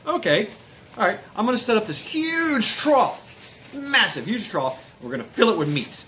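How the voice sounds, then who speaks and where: A man voicing a huge, jovial giant king who teases his small guests in a high, lively voice. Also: normal speed, a little hiss or hum, exaggerated voice. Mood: boastful. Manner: jovial, mocking, high-pitched. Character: Utgarda-Loki, boastful mocking giant king.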